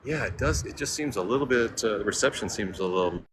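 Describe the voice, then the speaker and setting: A man's voice: lowish voice, lively intonation, quick pace. A man hosting a casual live-stream walking tour outdoors, chatting to viewers and greeting them by name. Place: outdoors on a city waterfront promenade. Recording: outdoor city noise with traffic.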